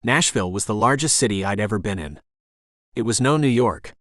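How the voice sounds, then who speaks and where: A male audiobook narrator telling a first-person romance with an intense, dramatic edge. His voice sits on the low side, and the studio recording is close and dry, with no room sound. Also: expressive, brisk, a bit bright, no echo.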